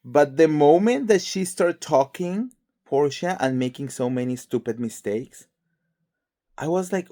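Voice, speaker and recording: A man's voice: on the high side, expressive, unhurried, warm tone. A man hosting a casual pop culture commentary show, chatty and gossipy, full of fillers like "girl" and "okay". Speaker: host.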